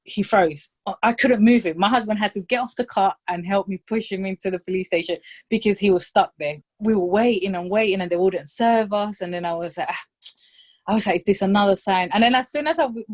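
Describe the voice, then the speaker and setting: A woman's voice: mid-range voice, fast talker. A woman telling a story in casual chat, acting out the voices and dropping into phrases. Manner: animated storytelling, acts out voices, code-switches to Spanish. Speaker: podcast guest.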